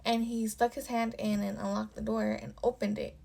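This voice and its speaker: A young woman tells a personal story for her vlog in a loose, offhand way. Her voice has a lot of gravelly vocal fry. She swears freely and fills nearly every phrase with "like.". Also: on the high side, level tone, normal speed, warm tone. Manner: casual and profane, with constant "like" fillers. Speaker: storytime vlogger.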